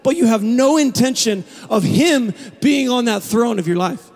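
A man preaching a sermon as pastor, building from quiet, low passages to passionate, shouted climaxes. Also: expressive, normal speed, vocal fry. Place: large church hall. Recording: long hall reverb.

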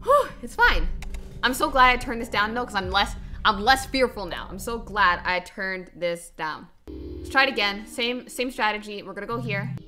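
A woman's voice: mid-range voice, moderate pace, sharp tone. A young woman streaming a video game, chatting to her viewers in casual gameplay commentary full of exclamations. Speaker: gaming streamer. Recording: music playing behind.

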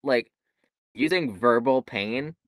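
A man's voice: medium pitch, takes it slowly, no echo. A man co-hosting a comedy podcast, rambling and jokey with lots of fillers and restarts. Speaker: podcast co-host. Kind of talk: casual chat.

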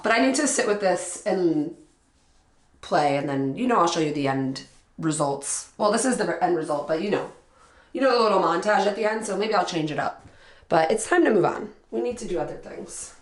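A woman's voice: mid-range voice, echoey room. A young woman vlogging at home in a casual, rambling way, thinking aloud and using lots of fillers. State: out of breath. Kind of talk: casual home vlog chat. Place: indoors at home.

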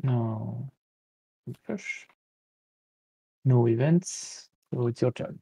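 A man's voice: mid-range voice, drawn-out words, warm tone, husky, rough recording. A man playing a board game, thinking aloud and explaining the rules to his opponent. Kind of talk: casual board game chat.

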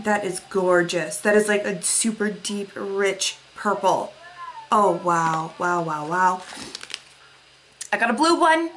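A woman's voice: mid-range voice, slow, a bit bright, slight background noise. A young woman vlogger unboxing mail, gushing with gasps and breathless exclamations as she shows each item. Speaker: beauty vlogger.

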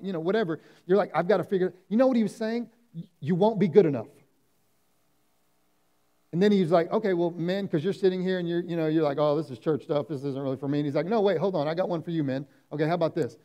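Conversational pastor with a mellow voice. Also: male voice, sits high, brisk. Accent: Oklahoma. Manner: conversational preaching, acting out quoted voices. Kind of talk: sermon. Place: church sanctuary.

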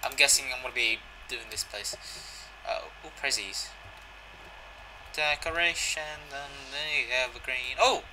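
A man's voice: medium pitch, a little slow, background noise. A young man giving a casual, jokey video game walkthrough, swearing and reading the in-game dialogue aloud. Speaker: gaming channel host.

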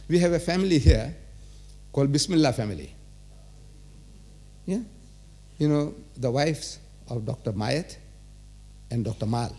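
A man's voice: mid-range voice, animated, normal speed, creaky, long pauses, mellow. A man giving a religious lecture to a live audience in a large auditorium, full of rhetorical questions and teasing. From South Africa. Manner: rhetorical, quizzes and teases the audience.

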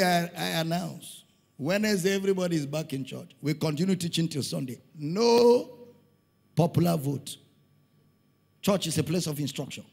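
Nigerian pastor man preaching, high voice, repeats everything, big hall echo. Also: creaky, a bit bright. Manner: emphatic preaching, repeating lines for stress. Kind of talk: sermon. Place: church hall. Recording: long hall reverb.

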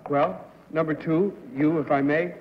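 A man's voice: a little high, steady tone, unhurried, a little hiss or hum. A man on a game show panel, questioning contestants in a joking, hesitant way. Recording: dull 1960s TV recording in a reverberant studio.

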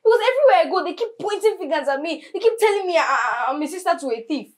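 A spiteful young sister, ranting and jeering in a high Nigerian voice. She stumbles over her words as she heaps scorn. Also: lively intonation, very fast. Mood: scornful.

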